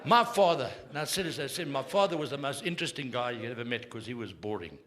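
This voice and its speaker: A South African man in his sixties does a brash, crude stand-up set on a theatre stage, needling the live audience amid crowd laughter. His medium-pitched voice is a bit bright and he talks fast.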